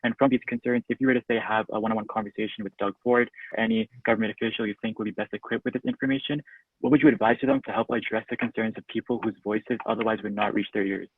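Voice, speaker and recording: A thoughtful man asks interview questions, slightly halting, with a plain mid-range voice. His sound is thin and phone-like, completely dry, with no room around it. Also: fairly low pitch, lively intonation, creaky, breathy edge, dry recording. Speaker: podcast interviewer. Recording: tinny phone-like line.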